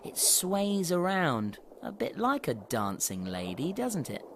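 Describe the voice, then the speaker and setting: A man giving scripted narration about sea animals for young children, asking them gentle questions. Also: a little high, wildly swooping pitch, slow, background noise. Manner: warm, questioning, storybook tone.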